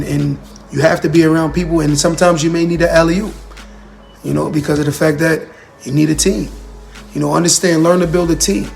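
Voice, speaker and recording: Guy doing a motivational livestream, kinda gravelly, a bit high, earnest, keeps repeating himself, faint music behind. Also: a little mellow. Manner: earnest, repetitive, addresses viewers and comments directly. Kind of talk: casual motivational talk.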